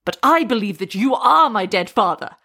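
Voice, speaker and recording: A woman's voice: medium pitch, expressive, normal speed, vocal fry, pushed and bright, full character voice. A woman voicing an angry, determined young man in a storybook reading, making firm, insistent demands. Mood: stern.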